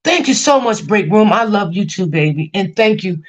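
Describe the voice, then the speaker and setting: The livestream host speaks at a moderate pace in an animated, mid-range voice. She keeps things casual, venting about her family, reassuring viewers in chat, and often saying the same things again.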